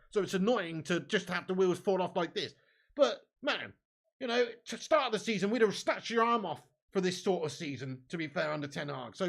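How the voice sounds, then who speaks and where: A high-pitched man hosting a live match watch-along, his tone sharp and bright. He curses freely and lurches between muttered grumbles and loud, excited shouts. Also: creaky. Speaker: fan watch-along host.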